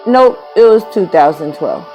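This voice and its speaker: A woman's voice: lowish voice, expressive, moderate pace, lo-fi sound, soft background music. A woman in her thirties casually telling a personal story, rambling and correcting herself as she goes. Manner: rambling, self-correcting, candid. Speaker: vlogger.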